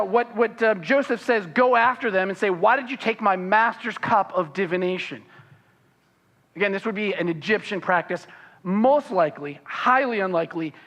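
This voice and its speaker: A pastor preaching a sermon, reading scripture aloud and then explaining it, with frequent fillers and restarts. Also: male voice, big-room sound. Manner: animated, voicing the characters' protests with rising pitch.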